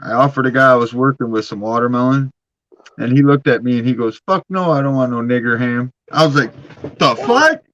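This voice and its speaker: A man's voice: mid-range voice, quick pace, a bit bright, no echo. A man telling stories in casual chat, heavy on profanity and calling others "dude". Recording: dull lo-fi sound.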